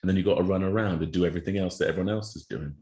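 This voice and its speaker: A man's voice: deep voice, racing, mellow, echoey room. A young man who plays prop, chatting casually in a rambling, jokey way with lots of fillers. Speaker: podcast co-host, rugby prop. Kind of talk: casual chat.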